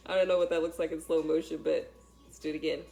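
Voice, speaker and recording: A woman's voice: low voice, little pitch movement, quick pace, gravelly, dark tone, soft background music. Emphatic woman giving a spiritual talk. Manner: casual, emphatic and dramatic, addressing viewers directly. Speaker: spiritual teacher.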